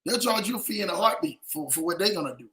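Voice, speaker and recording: A man hosting a casual livestream, animated and repeating "man" and "brother" as he shouts out viewers. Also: high-pitched, fast talker, low-quality recording. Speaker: livestream show host.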